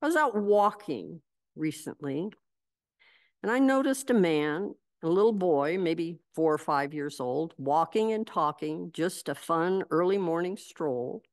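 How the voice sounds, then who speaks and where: Woman pastor, sermon, low-ish voice, slow reflective storytelling. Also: lively intonation.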